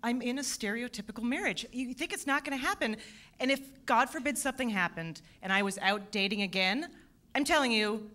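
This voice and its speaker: A woman in her thirties doing a stand-up set in a theatre, self-deprecating with deadpan punchlines. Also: a little high, brisk. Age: 30s. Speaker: stand-up comedian. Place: theatre stage at a comedy festival.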